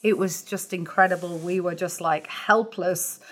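A woman guest on a faith podcast, telling a story in a lively way with frequent restarts. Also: fairly low pitch. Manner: animated storyteller, halting restarts. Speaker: guest missionary.

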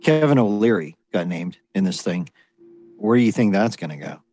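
A man hosting a casual live audio chat, asking questions in a relaxed, conversational way. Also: fairly low pitch, moderate pace. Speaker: host.

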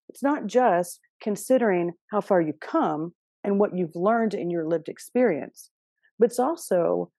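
Warm-toned and mid-range, a woman gives a casual astrology reading in a chatty, direct manner. She laughs often and keeps checking in with her listeners by asking "okay?" The recording is dry and of studio quality.

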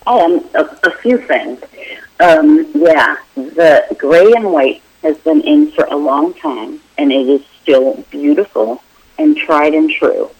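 A woman's voice: low-pitched, big pitch swings, slow, darkish tone, breathy edge, rough recording. A middle-aged woman interior designer, a guest in a remote interview, explaining her work in a friendly, informal way with many fillers.

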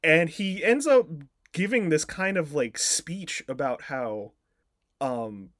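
A man's voice: on the high side, expressive, takes it slowly, a bit bright, no echo, clean studio sound. A man co-hosting a podcast, casually retelling a film plot in a rambling way, full of filler words and swearing. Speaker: podcast co-host.

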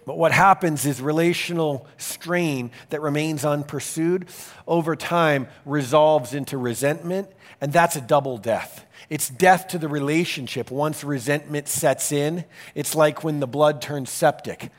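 A male pastor delivering a sermon in an earnest, emphatic style, speeding up and slowing down for emphasis. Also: fairly high pitch. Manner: earnest, emphatic preaching with varied pace.

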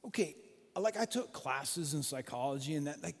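A male pastor preaching a sermon, telling stories in an animated way and acting out the voices in them. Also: a little high, normal speed. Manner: animated storytelling, acts out quoted voices. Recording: long hall reverb.

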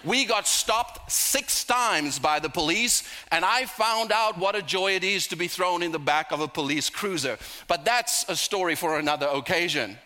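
A middle-aged man preaching a sermon, telling personal stories with humorous asides and slowing down for emphasis. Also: high voice, sharp tone.

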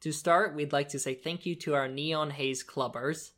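A man's voice: a little high, fairly even intonation, normal speed, fairly bright tone, no echo. A young man as game master, narrating a tabletop game in a loose, casual way, with fillers and restarts.

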